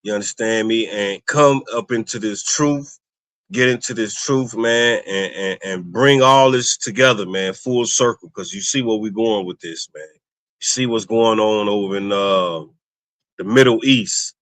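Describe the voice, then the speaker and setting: A man's voice: fairly low pitch, a little slow, fairly bright tone, no echo. A man co-hosting a casual religious discussion, rambling and often checking in with his listener. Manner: rambling, keeps asking "you understand me". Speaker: co-host.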